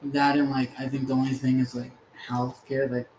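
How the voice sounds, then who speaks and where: A man's voice: mid-range voice, completely flat delivery, moderate pace, a little mellow. Laid-back young man in an echoey room. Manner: laid-back, laughs often, lots of "like" and swearing. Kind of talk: casual chat. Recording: echoey room with faint ambient noise.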